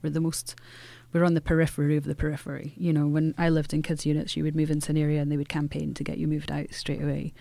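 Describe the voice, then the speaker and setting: Earnest author, flat dry voice. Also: medium pitch, quick pace, vocal fry, few pauses, no room sound. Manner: earnest, frequent restarts and fillers. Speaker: author being interviewed. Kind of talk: reflective interview talk.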